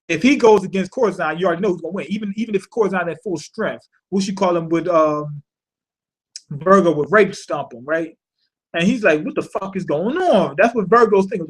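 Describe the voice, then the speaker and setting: Man, high-pitched voice, casual profane comic recap, rambling, chuckling. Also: moderate pace, husky. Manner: rambling, laughing, heavy swearing and slang. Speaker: manga reviewer.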